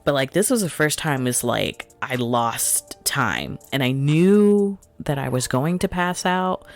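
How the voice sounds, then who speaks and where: Animated young woman chatting with laughs. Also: deep voice, a little slow, few pauses, soft background music. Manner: animated storyteller, laughs often, acts out quotes. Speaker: podcast host reviewing a movie. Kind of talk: casual chat.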